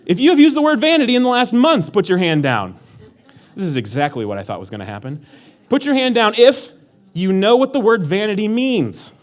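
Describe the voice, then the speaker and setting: A man's voice: high-pitched, big pitch swings, moderate pace. A man giving a casual sermon as pastor, joking and sarcastic, talking conversationally with many fillers. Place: church hall.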